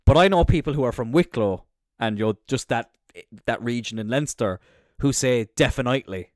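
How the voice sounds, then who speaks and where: A young Irish man with a Cork accent chats away on his own podcast, his pitch swinging up and down as he rambles from one thought to the next. He swears casually and often loses his train of thought, and his voice comes across dry and close. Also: expressive, normal speed, darkish tone, dry recording. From Cork, Ireland. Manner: rambling and chatty, swears freely, trails off mid-thought. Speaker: podcast host. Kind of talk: casual solo podcast chat. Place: indoors, seated on a squeaky chair.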